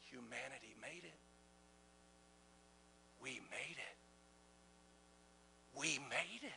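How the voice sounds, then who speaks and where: Male preacher, fiery sermon delivery, bright gravelly voice, leaps from shouts to whispers, faint hum underneath. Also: medium pitch, lively intonation, slow pace, rough recording. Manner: passionate, swings from shouting to hushed whispers; asks the audience rhetorical questions.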